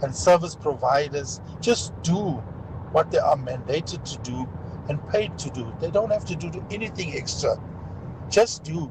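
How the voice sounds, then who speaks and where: A man's voice: fairly high pitch, normal speed, noisy background. A man calling a radio show firmly stating what he expects from government. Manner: firm, emphatic. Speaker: caller. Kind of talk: call-in comment.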